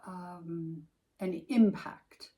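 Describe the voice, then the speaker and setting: A woman's voice: on the low side, drawn-out words, poor audio. A woman co-hosting a podcast, chatting casually and emphatically about a book that mattered to her. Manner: animated, emphatic, thinks aloud with restarts. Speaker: podcast co-host. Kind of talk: casual chat about books.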